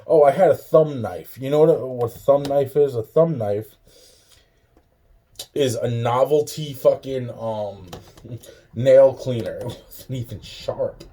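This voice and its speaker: A man's voice: mid-range voice, measured pace, warm tone. A young man rambling to camera in a profane, laughing monologue full of restarts. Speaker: vlogger.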